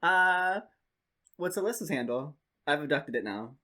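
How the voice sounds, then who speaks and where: A man guesting on a fan podcast speaks with an animated, lively voice. He is modest and playful, laughing easily with the hosts. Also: a little high, unhurried. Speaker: podcast guest, content creator. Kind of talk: casual podcast chat.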